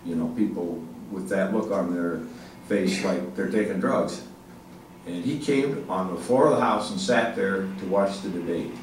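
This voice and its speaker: An older man giving a speech to an audience, halting with many fillers and restarts, speaking with emphasis. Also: deep voice. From Ohio, United States. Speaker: state legislative leader giving a speech. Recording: echoey hall, mic far off, faint noise.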